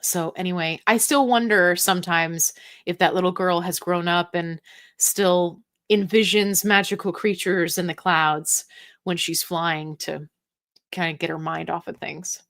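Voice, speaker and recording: A woman's voice: fairly low pitch, fairly even intonation, measured pace, a bit bright. A woman hosting a live question-and-answer stream, reading viewer comments and answering in a chatty, upbeat way with playful asides.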